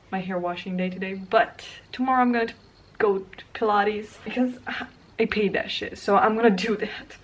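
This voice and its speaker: Chatty young woman vlogger. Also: medium pitch. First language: not English. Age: young adult. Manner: chatty, rambling, often trails into soft whispers. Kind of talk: casual storytime vlog.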